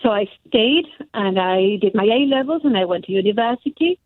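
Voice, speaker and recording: A woman's voice: medium pitch, animated, brisk, no echo. Earnest woman caller on a tinny phone line. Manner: earnest, heartfelt storytelling. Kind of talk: phone-in call.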